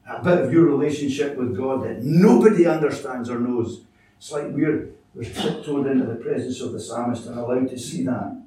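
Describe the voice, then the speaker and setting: A man preaches with earnest, halting sincerity, often restarting his sentences as he works through a point. His voice is mellow and sits a touch high, and it is picked up from a distance in a very echoey church. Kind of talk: sermon.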